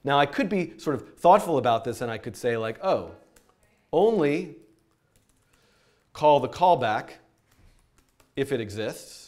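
A man talks through a live coding lesson in a loose, chatty way. He breaks off his own sentences, fills pauses and laughs at himself while he types. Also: medium pitch, expressive, darkish tone. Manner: chatty and self-interrupting, with frequent fillers and laughs. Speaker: programming teacher. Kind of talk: live-streamed coding tutorial.

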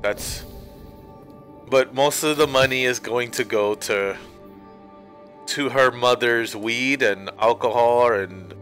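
Playing a video game on stream, a young man slowly rambles through a story, cursing as he rants, with long pauses in his mid-range, fairly bright voice. Game audio, noise and soft background music sit behind him.

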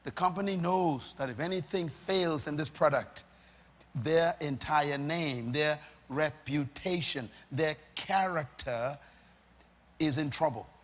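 A middle-aged man preaching a sermon to a congregation, emphatic, with repeated lines and dramatic pauses. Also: fairly high pitch. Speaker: pastor.

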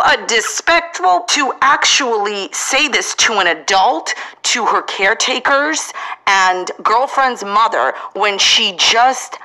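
A woman giving opinionated drama commentary with a bright, sharp tone. She sounds indignant, and she hedges each judgment with her personal opinion. Her pitch stays in an ordinary middle range. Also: low-quality recording.

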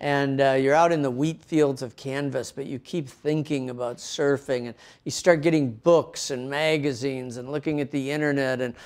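A man's voice: mid-range voice, steady tone, normal speed, hardly any pauses, a little mellow. A middle-aged man from the Midwestern United States, a pastor preaching a sermon and easing in with a casual story, often restarting his words. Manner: storytelling with frequent restarts and fillers. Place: home in a coastal town, recorded for online service.

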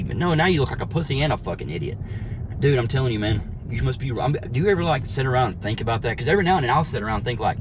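A man vents in a rough, profane rant from behind the wheel, his voice sitting at an ordinary pitch for a man. Faint road hum from the car runs under his words, and his mocking tone never lets up. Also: animated, fast talker. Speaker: vlogger. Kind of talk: ranting while driving. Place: inside a car. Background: faint vehicle noise.

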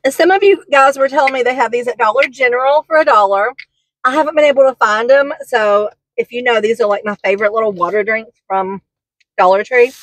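Brief: chatty woman vlogger, fairly high voice, dry close sound. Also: brisk, a bit bright, dry recording, poor audio. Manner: chatty, gushing, rambling with fillers. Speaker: haul vlogger. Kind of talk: casual product haul chat.

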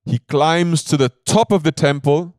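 A man's voice: fairly high pitch, measured pace, darkish tone, dry recording, clean studio sound. A man giving a devotional sermon as a spiritual teacher, telling a story in an emphatic, conversational way and often checking in with his listeners.

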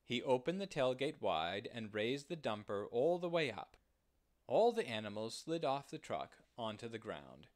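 A man reading a children's picture book aloud slowly and gently, with expressive phrasing. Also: medium pitch. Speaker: storyteller. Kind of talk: children's storybook read-aloud.

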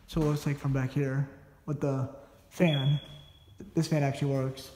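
A man's voice: medium pitch, level tone, moderate pace, mellow, reverberant. A man narrating as he explores an abandoned house, a bit out of breath, rambling and often correcting himself, filmed on a phone. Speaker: urban explorer vlogger. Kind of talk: casual walkthrough narration. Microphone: phone held while filming.

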